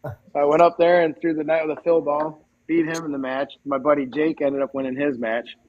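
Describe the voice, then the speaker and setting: A man as a podcast guest, telling stories in a casual, animated way and acting out the dialogue. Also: a little high, brisk, dull audio, a little hiss or hum. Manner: animated, acts out quoted dialogue. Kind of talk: casual storytelling.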